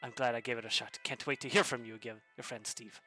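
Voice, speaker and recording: Cheesy would-be romancer, soft and hammy, bright tone , a man putting him on. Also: medium pitch, fairly even intonation, fast talker, faint music behind, pitched below the performer's own voice, close to an everyday voice. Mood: romantic. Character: cheesy smooth-talking man on a dating site.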